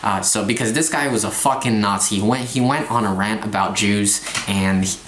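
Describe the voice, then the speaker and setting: A young man in a confessional vlog rant, talking in halting bursts with stumbling restarts and frequent swearing. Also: fairly low pitch, a bit bright, roomy sound, a little hiss or hum. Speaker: vlogger. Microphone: phone.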